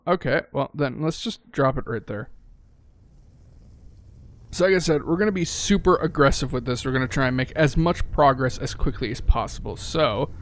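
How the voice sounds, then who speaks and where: A man's voice: medium pitch, dry recording. A man giving casual gameplay commentary, thinking aloud and correcting himself, with frequent swearing. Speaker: let's-play gamer.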